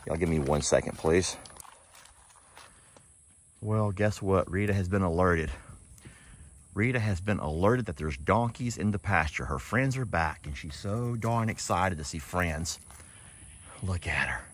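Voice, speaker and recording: A man's voice: low-pitched, lively intonation, unhurried, long pauses, a little hiss or hum. A man narrating a casual vlog outdoors in a pasture, folksy and chatty, talking to his animals as he goes. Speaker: animal sanctuary owner.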